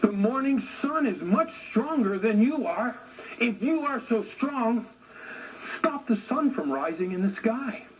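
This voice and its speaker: A man voicing a quick, cheeky little male chipmunk with a small, high, teasing voice, in a noisy recording. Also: animated. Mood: taunting.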